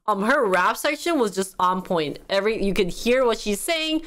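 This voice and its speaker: A woman's voice: medium pitch, expressive, normal speed, hardly any pauses, a bit bright. A woman hosting a music video reaction, chatting casually with lots of energy, giggles and fillers.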